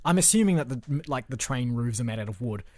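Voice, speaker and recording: A man's voice: medium pitch, animated, quick pace, darkish tone, no room sound, clean studio sound. A man co-hosting a podcast, rambling through film ideas in casual chat with lots of fillers. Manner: rambling, filler-heavy brainstorming. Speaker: podcast co-host.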